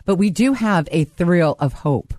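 A woman's voice: on the low side, lively intonation, a little slow, warm tone, no room sound. Woman hosting a radio interview. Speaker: radio host.

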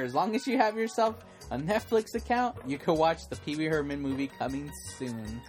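A man's voice: on the high side, brisk, darkish tone, faint music behind. A man hosting a casual podcast, talking in a chatty, rambling way and laughing often. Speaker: podcast host.

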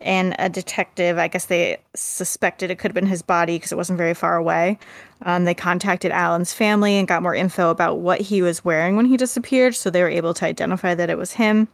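A woman's voice: fairly low pitch, steady tone, fairly quick, vocal fry, no echo. A woman co-hosting a podcast, chatting casually and reading out case details. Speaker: podcast co-host. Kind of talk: casual chat.

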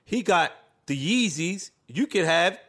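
A man's voice: high voice, expressive, a little slow, a bit bright. A man co-hosting a casual podcast, laid-back, mostly agreeing with short replies. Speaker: podcast co-host.

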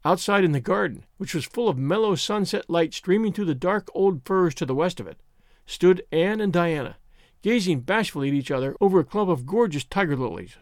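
A man narrating a classic novel as an audiobook, in an expressive storytelling manner. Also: high voice, fairly quick, no room sound, studio quality. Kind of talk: scripted narration.

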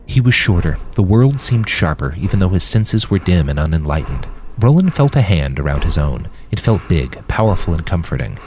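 Deep-voiced man reading fiction aloud. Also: big pitch swings, moderate pace, few pauses, darkish tone, a little hiss or hum. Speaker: narrator.

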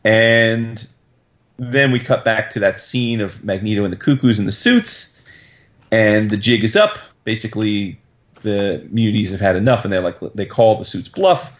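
A man hosting a podcast, recapping a comic in an excitable, profane, slangy way. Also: on the low side, normal speed. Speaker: podcast host. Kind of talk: casual comic book recap chat. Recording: dull lo-fi podcast audio.

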